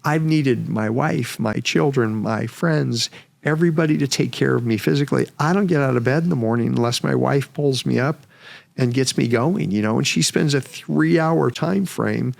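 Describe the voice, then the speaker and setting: A man in his fifties, a podcast guest, telling a story in a frank, animated way and swearing freely. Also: mid-range voice, normal speed, creaky. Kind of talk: casual storytelling.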